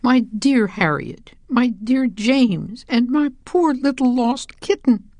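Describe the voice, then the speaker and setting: A woman voicing a loving, gentle mother cat who speaks tenderly and slowly in a storybook reading. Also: lowish voice, big pitch swings, no echo. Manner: tender, slow.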